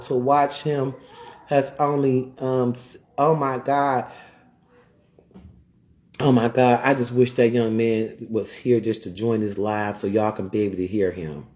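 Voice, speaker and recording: Medium in pitch with a darkish tone, this streamer delivers a heated live rant. Points get hammered home again and again, rhetorical questions fly, and the tirade pauses now and then for shout-outs to viewers.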